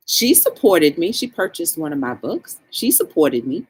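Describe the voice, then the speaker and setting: A woman's voice: lowish voice, normal speed, hardly any pauses, slightly rough. A woman hosting a livestream talk show, chatting casually and encouraging her viewers. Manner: animated, encouraging, greets chat viewers.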